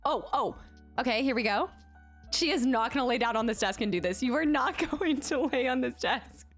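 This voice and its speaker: An excitable woman streams from her home desk, her fairly high voice bubbling with giggles as she coos to her cat and chats casually with her viewers. Faint film music plays softly behind her. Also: normal speed. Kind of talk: casual live-stream chat.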